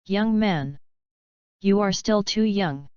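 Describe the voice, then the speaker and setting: A woman voicing a cocky, sharp-tongued male student who speaks in an offhand, mocking way. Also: medium pitch, slow, smooth, no room sound, close to an everyday voice. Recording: dull lo-fi dry recording.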